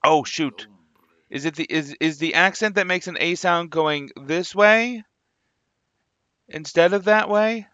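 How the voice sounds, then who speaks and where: A man's voice: fairly high pitch, unhurried, pauses often, sharp tone, no room sound, lo-fi sound. A man hosting a gaming video, chatting casually and musing aloud with jokey asides as he plays. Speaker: gaming channel host. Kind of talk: casual gameplay commentary.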